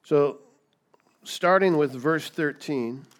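A man's voice: on the high side, slow pace. Emphatic male preacher. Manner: emphatic, rhetorical questions, repeats key words. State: coughing, dry throat. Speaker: pastor. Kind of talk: sermon.

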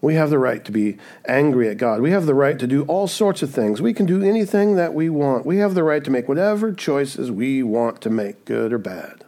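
A man's voice: medium pitch, expressive, moderate pace, warm tone. A man preaching a sermon in a conversational way, often asking "right?" and acting out the voices he quotes. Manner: acts out quoted voices in asides. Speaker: pastor.

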